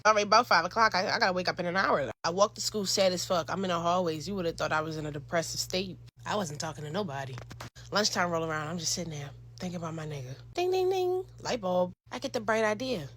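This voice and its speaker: A young woman telling a story in a casual, animated, profane and slangy way, acting out the scenes. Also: fairly low pitch, fast.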